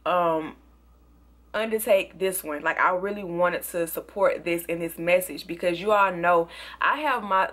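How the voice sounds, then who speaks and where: A woman's voice: medium pitch, a bit bright. A woman with a Southern US country accent, chatting casually in a product review vlog and often saying y'all. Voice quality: chatty, says y'all a lot. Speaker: beauty vlogger.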